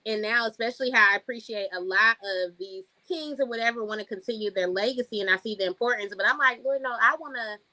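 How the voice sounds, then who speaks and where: A woman's voice: medium pitch, fast talker, hardly any pauses, no echo, rough recording. A woman, a single mom, talking casually and animatedly, acting out quotes in a podcast chat. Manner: animated, acts out quotes in voices.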